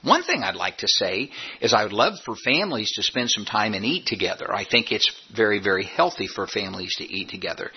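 A man's voice: lowish voice, big pitch swings, fairly quick, few pauses. An older man preaching a sermon as a pastor, in a folksy, conversational way with humorous asides. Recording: dull lo-fi sound.

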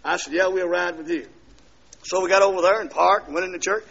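A man preaching his testimony, telling a story that swings from hushed to shouting. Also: sits high, steady tone, fast talker, gravelly, husky. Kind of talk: sermon testimony. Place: church. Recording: dull lo-fi sermon recording.

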